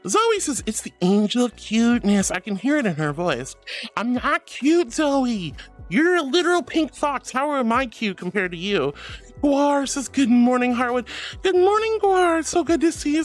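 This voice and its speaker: A woman live-streaming, gushing affectionately and giggling as she thanks her viewers in a soft, sweet way. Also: a little high. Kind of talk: casual live-stream chat.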